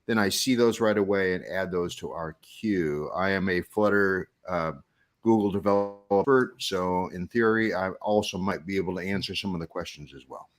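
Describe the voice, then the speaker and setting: A man's voice: low voice, moderate pace. A man acting as question moderator on a live tech stream, upbeat and speaking to the chat audience. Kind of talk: casual chat.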